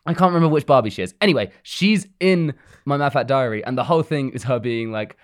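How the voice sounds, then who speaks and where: A man's voice: mid-range voice, lively intonation, fast. A young man, chatting casually about a film, rambling and laughing often.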